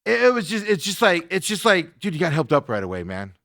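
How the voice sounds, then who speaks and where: A man hosting a sports talk show, ranting casually, laughing often and mocking people with quick impressions. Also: high-pitched, wildly swooping pitch, vocal fry, fairly bright tone, no echo, clean studio sound.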